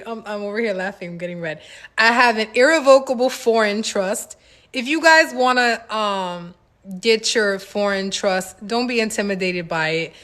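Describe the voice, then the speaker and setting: Chatty woman hosting a live Q&A. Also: a little high. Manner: chatty, animated storytelling with slang and laughs. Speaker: livestream host answering viewer questions. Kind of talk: casual livestream Q&A chat.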